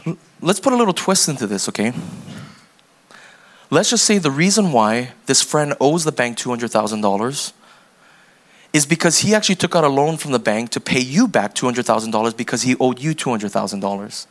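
A man's voice: medium pitch, expressive, brisk. A man preaching a sermon as pastor, talking casually and pressing the congregation with repeated questions. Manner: conversational, acts out little scenes with quoted voices.

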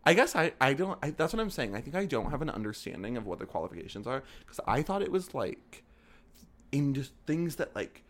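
A man's voice: medium pitch, sing-song, brisk. A young man co-hosting a podcast in casual chat, rambling and hesitant with lots of filler words. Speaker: podcast co-host.

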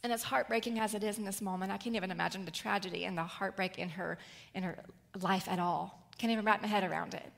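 A woman's voice: mid-range voice, fast talker, vocal fry. Woman preaching in a reverberant hall. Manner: animated storytelling, acts out the characters. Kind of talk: sermon.

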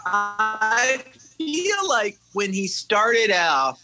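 A man chatting casually as a podcast co-host, animated in his delivery. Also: sits high, extremely slow, faint music behind, rough recording. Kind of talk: casual chat.

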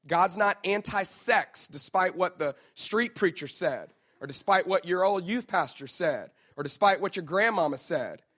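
A pastor in his thirties delivers a sermon with a bright, high-pitched voice. He is playful and teasing, talking straight to the crowd and joking with them. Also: unhurried, hardly any pauses.

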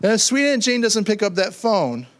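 A man's voice: sits high, sing-song, normal speed. A middle-aged man preaching a sermon as pastor, conversational and joking, often repeating words as he builds a point.

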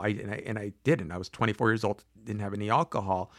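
A man in his forties telling a personal story in a casual, animated way, acting out quoted voices, with frequent fillers and restarts. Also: fairly low pitch, fast talker, no echo, clean studio sound.

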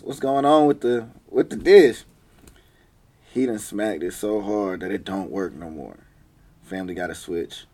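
A young man with a lowish voice telling stories from his childhood, loose and slangy. He laughs often and teases as he talks, in a relaxed, chatty vlog manner. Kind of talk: casual storytelling.

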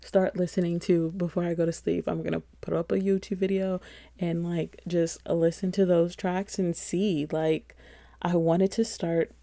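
A woman's voice: fairly low pitch, level tone, a little slow, gravelly, dark tone, no room sound. A young adult woman hosting a solo podcast, rambling in a chatty, self-deprecating way with frequent laughs. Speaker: podcast host. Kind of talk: casual solo podcast chat.

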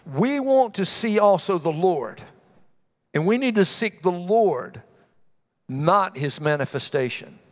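A man's voice: high-pitched, animated. A man preaching a sermon in a folksy, conversational way, telling homespun stories and calling out to the congregation. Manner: tells homespun stories with quick asides to the congregation.

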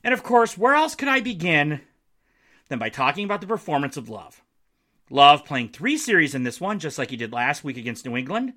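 Lively, bright-voiced man hosting a sports podcast. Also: fairly high pitch, a little fast. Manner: playful, self-mocking, rambling asides. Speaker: podcast host. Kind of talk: solo sports podcast, casual and jokey. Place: home basement.

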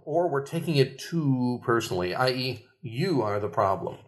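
A man's voice: mid-range voice, normal speed. A middle-aged man, a marriage and family therapist, talking on a podcast in a conversational way and acting out quoted phrases. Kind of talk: podcast talk.

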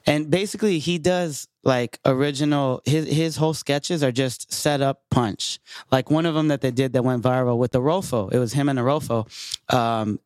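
A man's voice: mid-range voice, moderate pace, a little mellow, smooth, dry recording. Laid-back thirties man, dry close sound. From San Jose, California. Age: 30s. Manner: laid-back, says man and bro, swears casually. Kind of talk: casual podcast chat.

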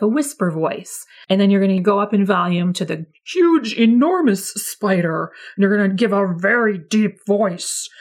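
A woman early childhood educator explaining classroom methods to other teachers in a friendly, instructive way. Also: mid-range voice. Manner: friendly, demonstrates voice levels with lively examples. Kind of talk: teacher training talk.

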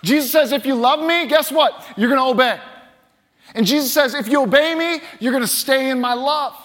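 A male pastor preaching a sermon, animated, acting out quoted voices in it. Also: very high-pitched, a little fast.

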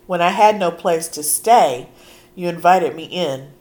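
A hoarse woman preaching a sermon, speaking earnestly and casually and reading scripture aloud with emphasis. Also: on the low side, measured pace, a little mellow. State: hoarse from allergies.

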